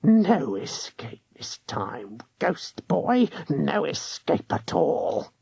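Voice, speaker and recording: A man's voice: mid-range voice, wildly swooping pitch, takes it slowly, creaky, darkish tone, husky, dry recording, heavily acted. A man doing a hissing, screeching evil old witchy woman. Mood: whispered gloating. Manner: hissing, screeching, whispery menace. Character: cunning evil old woman ghost hunter. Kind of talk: audiobook character reading.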